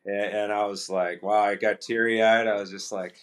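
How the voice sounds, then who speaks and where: A man with a fairly low voice tells a story in a relaxed, conversational way. He slips into the voices of teammates and trainers as he recounts their lines. He restarts sentences often and leans on fillers as he recalls events. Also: normal speed. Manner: relaxed anecdotal, quotes teammates in dialogue. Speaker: podcast guest, pro hockey player. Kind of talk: casual storytelling.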